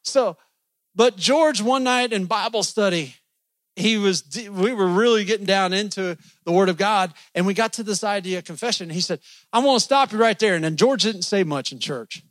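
Folksy male preacher, high-pitched, joking sermon delivery, dry recording. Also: moderate pace, fairly bright tone, dry recording. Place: church.

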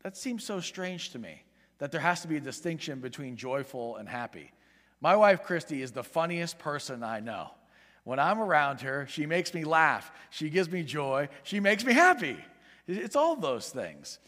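A man's voice: on the high side, sing-song, normal speed, a bit bright. A man preaching a sermon as pastor, earnest and pleading, rising in volume for emphasis. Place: church sanctuary. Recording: long reverb of a large hall.

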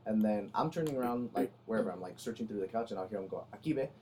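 A man's voice: lowish voice, rapid-fire, a little mellow, slight background noise. A man who is a content creator, talking in a casual, laid-back way with a dry delivery. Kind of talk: casual conversation.

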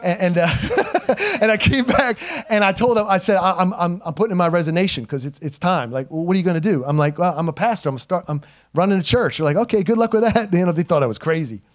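A middle-aged man, a pastor, preaching a sermon to a congregation, calling for responses and swinging between loud and hushed delivery. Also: sits high, fast talker. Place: church sanctuary before a congregation.

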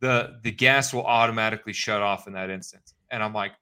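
A man co-hosting a podcast in casual chat, ranting in animated bursts of mock anger. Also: fairly low pitch, a little fast, hardly any pauses, smooth. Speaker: podcast co-host.

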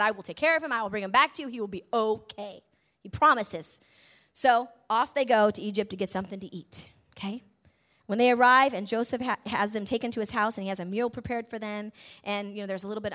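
A woman preaching a sermon, retelling a story in a conversational way, full of tag questions and big swings between loud and soft. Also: mid-range voice.

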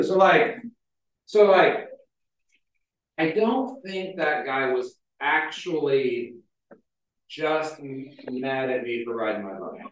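A man's voice: medium pitch, lively intonation, slow pace, pauses often. A man preaching a casual, conversational sermon, telling stories with a lot of filler words. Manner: chatty, storytelling, frequent "like" fillers. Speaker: pastor. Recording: very echoey hall, mic far off.

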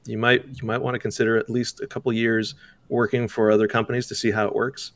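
A man talking casually as an interview guest about making games, halting, restarting his sentences and laughing often. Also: mid-range voice, flat delivery, a crowd in the background. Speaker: game developer guest.

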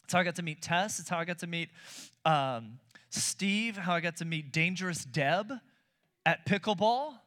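A pastor in his thirties preaches a sermon, telling stories animatedly, acting out his own quotes, and repeating words when he gets excited. His voice is on the high side and he speaks at normal speed.

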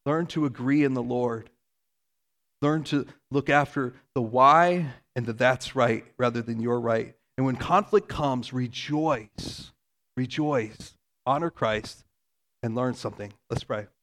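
A man's voice: medium pitch, moderate pace, fairly bright tone. A man preaching a sermon as a pastor, earnest and conversational, with casual asides.

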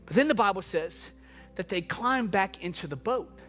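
A man with a high, bright voice preaches a sermon to a church congregation. He moves between hushed, reflective passages and impassioned, shouted appeals, with soft music under him. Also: expressive, normal speed. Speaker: pastor. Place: church hall with live and online congregation.

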